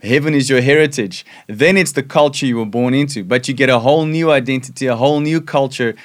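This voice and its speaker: A man's voice: mid-range voice, fast. Upbeat South African man hosting. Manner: upbeat, friendly. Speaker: host of an online church broadcast. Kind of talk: livestream hosting.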